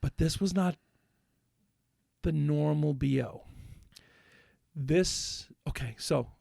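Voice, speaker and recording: A man's voice: fairly high pitch, slow, gravelly, mellow, dry recording, clean studio sound. A man on a podcast, ranting in a worked-up, swearing rush while telling a story in casual chat. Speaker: podcast co-host.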